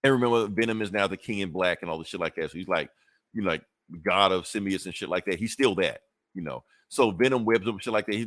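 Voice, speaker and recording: A man with a lowish voice, talking loosely through a comic recap on a podcast. He swears freely and circles back with fillers and restarts. The sound is dry and close, with no room around it. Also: fast, a bit bright, no room sound. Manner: rambling, profane, full of fillers and restarts. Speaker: podcast host. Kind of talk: casual comic book recap.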